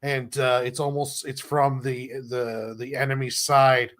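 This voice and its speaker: A man with a middle-pitched voice chats easily on a podcast, pausing on fillers as he talks about his comic lettering work. He sounds relaxed and unhurried. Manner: easygoing, many uh fillers. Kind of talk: casual chat.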